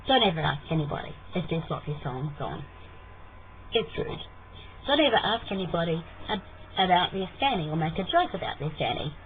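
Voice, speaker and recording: Brief: New Zealand-accented woman vlogger, teasing and chatty, lowish voice, tinny webcam sound with faint hiss. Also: sing-song, brisk. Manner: playful, teasing, demonstrates vowels. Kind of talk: casual explainer vlog.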